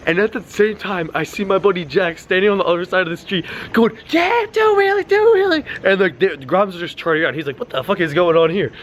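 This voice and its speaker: A young man vlogging outdoors into a handheld camera, telling a story excitedly, swearing often and acting out quotes in a high yelling voice. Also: fast, hardly any pauses, a little hiss or hum. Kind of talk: casual storytelling vlog.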